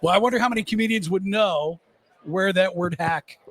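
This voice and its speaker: A man with a fairly high voice chats in an easygoing, agreeable way and drops in curious questions. He is sitting in on a live broadcast from a bar. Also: brisk. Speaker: co-host. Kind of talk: casual chat.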